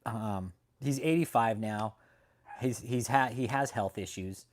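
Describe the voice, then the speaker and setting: A man's voice: medium pitch, measured pace. A man hosting a casual livestream, talking to his chat in a profane, mocking way and laughing often. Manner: greets chat viewers by name. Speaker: livestream host.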